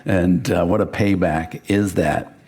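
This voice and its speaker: A man's voice: low voice, a little slow, husky. A middle-aged male pastor from western Pennsylvania, preaching a verse-by-verse sermon and acting out the people in his stories. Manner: animated storyteller, acts out quotes. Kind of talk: sermon with personal story.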